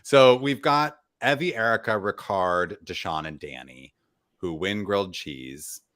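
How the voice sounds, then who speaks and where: A man with a fairly low voice that swings all over as he talks. He co-hosts a casual recap chat and acts out the people he quotes in playful voices. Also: expressive, measured pace, fairly bright tone. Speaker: podcast co-host.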